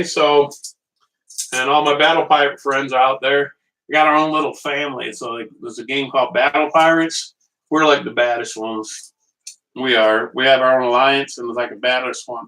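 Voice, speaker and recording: Here a home cooking host speaks in a mid-range, bright voice with a forceful edge. Waiting at a small portable stove in his kitchen, he rambles and jokes with the people watching his live stream, recorded from a distance.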